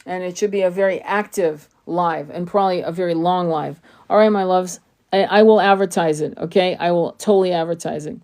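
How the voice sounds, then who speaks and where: A woman's voice: fairly low pitch, brisk, a little mellow. A woman hosting a live stream, talking casually and bluntly, swearing freely and restarting her sentences, her throat sore and tired. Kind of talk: casual livestream chat.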